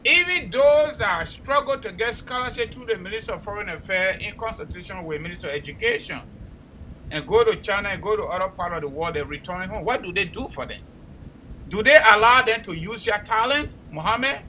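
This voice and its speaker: Liberian man, call-in radio host, high bright voice, combative and repetitive. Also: expressive, a little fast, a little hiss or hum, low-quality recording. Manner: forceful, combative, repeats words when heated. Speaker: talk show host. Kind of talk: call-in talk show commentary.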